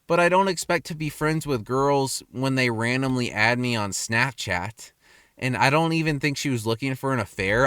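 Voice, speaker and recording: A young man rambling in a casual rant, crude and self-mocking, his pitch jumping up and down. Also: bright, forceful tone, no echo, clean studio sound. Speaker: vlogger. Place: car in a parking lot at night.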